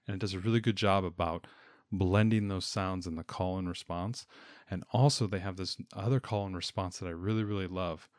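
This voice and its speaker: A man's voice: sits low, fairly even intonation, fairly quick, hardly any pauses, darkish tone, dry recording, clean studio sound. A man, a homeschooling parent, talking casually about a reading program, often restarting and repeating words. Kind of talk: casual podcast chat.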